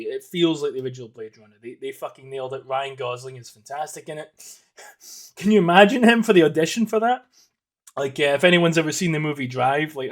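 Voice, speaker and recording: A Scottish man in his thirties hosting a casual solo podcast. He rambles and swears, with plenty of ums and restarts. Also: a little high. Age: 30s. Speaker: podcast host.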